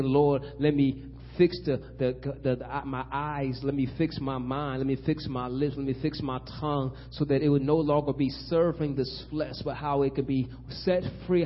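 A man preaches a sermon in a medium-pitched voice, building to loud emphatic peaks and dropping to hushed tones. He often acts out biblical figures in conversational asides. The sound is lo-fi with a little hiss or hum.

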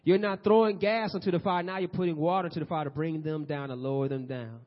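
A man preaching a sermon, swinging from loud urgent exhortation to soft, near-whispered passages. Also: a little high, fairly even intonation, fast. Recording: dull lo-fi audio.

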